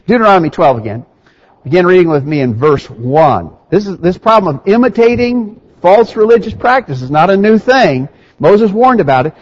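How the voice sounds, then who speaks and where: A man's voice: high voice, expressive, normal speed. A man preaching a sermon with emphatic delivery that rises to fervent peaks. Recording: dull lo-fi sound.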